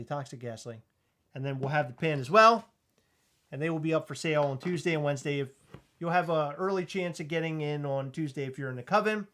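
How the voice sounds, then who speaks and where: This man hosts a relaxed livestream chat, cracking jokes, rambling, and poking fun at himself while mentioning that his back hurts. His voice is fairly high and fairly bright.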